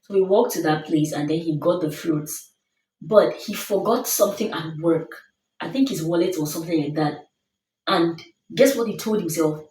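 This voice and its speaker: A woman's voice: fairly low pitch, normal speed, darkish tone. Earnest woman, roomy and distant. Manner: earnest, emphatic, repeats phrases as refrains. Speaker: self-help vlogger. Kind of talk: motivational talk to camera. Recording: roomy sound, distant mic.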